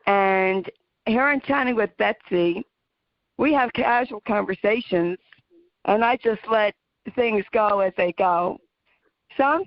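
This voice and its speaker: A woman hosting a casual talk radio show, speaking earnestly and slowing down to stress her points. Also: medium pitch, animated, no room sound. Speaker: podcast host. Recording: dull lo-fi dry audio.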